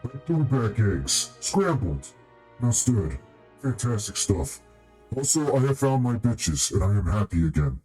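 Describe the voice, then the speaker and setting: A man's voice: fairly low pitch, sing-song, a little slow, darkish tone, faint music behind, low-quality recording. Man voicing a pompous rambling Hutt lord. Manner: grandiose, rambling, misuses words. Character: pompous male Hutt crime lord, boastful and short-tempered. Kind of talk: tabletop role-play voicing.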